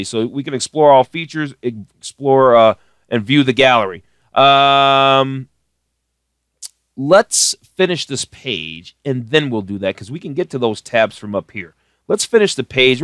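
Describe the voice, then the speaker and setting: A man's voice: medium pitch, fairly bright tone, smooth, dry recording. Chatty man thinking aloud, dry sound. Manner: thinks aloud with many fillers and restarts; chatty, opinionated asides. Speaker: car reviewer. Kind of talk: casual screen-share walkthrough.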